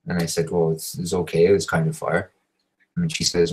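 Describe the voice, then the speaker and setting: Deep-voiced man swearing through a rant. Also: fairly quick, low-quality recording. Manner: profane, animated, swears constantly. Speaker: host. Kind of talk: casual storytelling monologue. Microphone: home recording setup.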